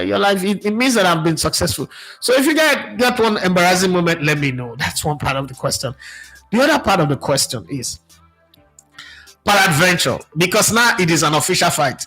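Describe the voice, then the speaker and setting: A middle-aged Nigerian man hosting a talk show, telling stories in a lively, animated way and slipping into pidgin. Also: high-pitched, rough recording. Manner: animated, switches into pidgin, many restarts. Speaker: host. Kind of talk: casual storytelling monologue.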